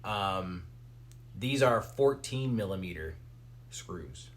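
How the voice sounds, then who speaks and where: A man's voice: low voice, lively intonation, slow, a little hiss or hum. A man chatting loosely on a live stream while assembling hardware at home, joking and talking to his dog. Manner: rambling, loose, joking asides to chat and dog. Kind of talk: casual live-stream commentary while building.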